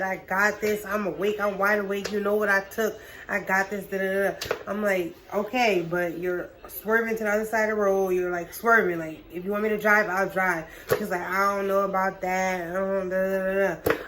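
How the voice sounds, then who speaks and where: A young woman telling a wild personal story to her camera in a casual vlog, profane and animated, full of slang. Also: mid-range voice, moderate pace, low-quality recording. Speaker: vlogger.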